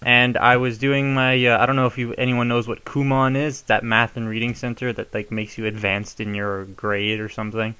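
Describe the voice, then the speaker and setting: A man's voice: medium pitch, flat delivery, moderate pace, few pauses, bright, forceful tone, clear, resonant tone. A young man casually showing how to modify a toy, chatty and given to rambling asides. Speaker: toy reviewer. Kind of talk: casual hands-on tutorial.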